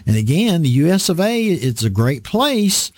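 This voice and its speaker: A man preaching an online Bible study sermon, slow and deliberate, drawing out words for emphasis. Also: a little high, big pitch swings, no echo.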